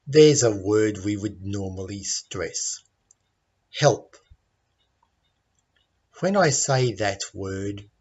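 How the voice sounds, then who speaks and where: Slow, patient Australian man teaching. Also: fairly low pitch, highs cut off. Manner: clear, patient, demonstrates sounds aloud. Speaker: English pronunciation teacher. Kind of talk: slow, deliberate teaching lesson.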